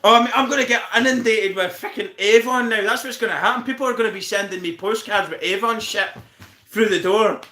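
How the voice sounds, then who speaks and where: A Northern Irish man hosting a live stream, his voice high and bright. He swears freely and breaks into laughter as he ribs his viewers. The room around him is echoey. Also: fairly quick. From Northern Ireland. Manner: laughs constantly, swears, teases viewers by name. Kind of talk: casual live stream banter.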